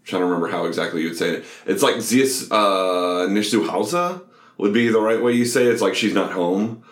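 Low-voiced man rambling about a film. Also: fast, reverberant. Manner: rambling, profane, many fillers. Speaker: podcast co-host. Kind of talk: casual film discussion.

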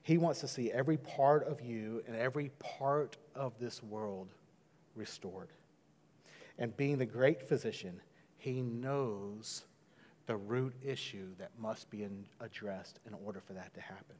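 A male pastor preaches in a conversational style, moving between hushed and loud passages. His voice sits at a middle pitch. A long reverb hangs in the room behind him. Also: a little slow. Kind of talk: sermon.

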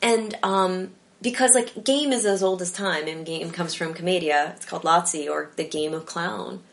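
A woman talking casually as an interview guest about improv, animated and rambling with lots of fillers. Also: on the low side, normal speed, gravelly.

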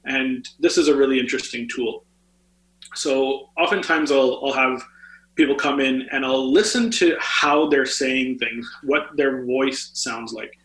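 Bright-voiced man explaining health tips. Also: medium pitch, a little slow. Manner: explanatory, with many fillers. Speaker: guest health author. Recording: roomy echo.

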